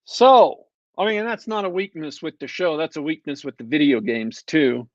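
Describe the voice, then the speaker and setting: A man's voice: fairly high pitch, normal speed, no echo, highs cut off. A man co-hosting a podcast, reviewing shows with sardonic, rambling commentary and many ums and uhs. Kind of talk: casual podcast chat.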